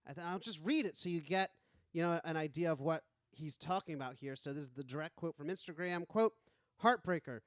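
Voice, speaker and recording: Chatty podcast co-host with a high voice. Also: male voice, brisk, no room sound, studio quality. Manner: chatty, jokey, trails into laughs. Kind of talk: casual chat.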